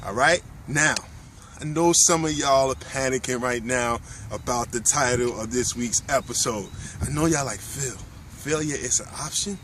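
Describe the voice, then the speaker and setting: A man's voice: medium pitch, moderate pace, a bit bright, a little hiss or hum. Emphatic man preaching motivation outdoors. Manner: preachy, emphatic, repeats key lines. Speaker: motivational video host. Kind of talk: motivational talk to camera. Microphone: camera mic, filmed by his wife.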